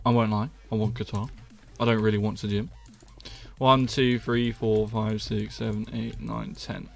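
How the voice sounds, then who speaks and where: A young man with a Doncaster Yorkshire accent jokes around on a live stream while building in a game, laughing often and muttering counts under his breath. His voice sits on the low side, creaky and flat, at a normal pace, with faint music in the background.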